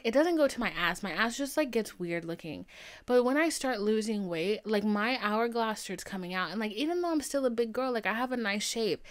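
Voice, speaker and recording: A young woman hosting a podcast, telling stories in a casual, animated monologue that swings from low murmurs to excited bursts. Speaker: podcast host.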